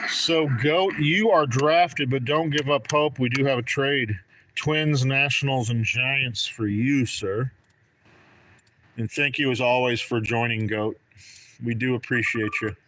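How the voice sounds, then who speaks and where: A man's voice: medium pitch, unhurried, noisy background. A man hosting a live trading card break stream, chatting and joking with viewers by name as he calls out draws. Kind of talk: casual live-stream commentary.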